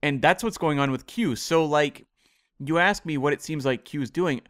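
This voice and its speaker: Man, podcast co-host, clear resonant voice, dry close sound, thoughtful and measured. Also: a little high, fairly bright tone, dry recording. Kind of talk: casual discussion of a TV episode.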